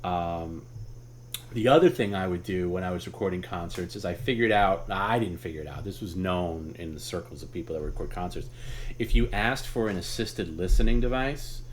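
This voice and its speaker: Low-voiced man rambling through a story. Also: normal speed, slight background noise. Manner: rambling, with many restarts and laughs; swears casually. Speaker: host. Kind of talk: casual storytelling on a live stream.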